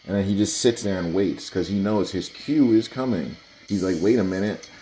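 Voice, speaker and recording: A man hosting a video, giving blunt, exasperated casual commentary on football highlights and often calling out to his viewers. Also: normal speed, mellow. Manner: blunt, exasperated, keeps saying "guys". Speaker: sports video host.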